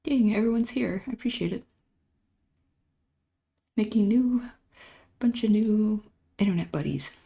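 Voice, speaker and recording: A woman livestreaming while drawing, with a sore throat, chatting casually, giggling often, greeting and thanking viewers, sometimes dropping into soft whispers. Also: mid-range voice, unhurried, creaky, pauses often. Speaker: livestreaming artist. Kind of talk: casual stream chat.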